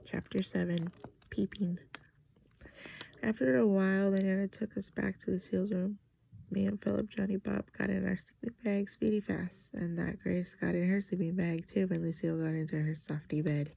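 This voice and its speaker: A woman's voice: mid-range voice, fairly even intonation, normal speed, vocal fry, dark tone, dull audio. A woman reading a children's book aloud, narrating expressively in a childlike first-person voice. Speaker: storybook reader.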